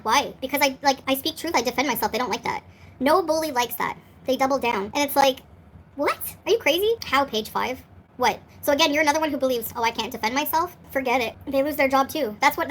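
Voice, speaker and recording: A woman's voice: sits high, a bit bright, a little hiss or hum, low-quality recording. A woman in her forties ranting on a livestream, defiant and sarcastic, answering chat as she goes. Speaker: streamer answering live chat.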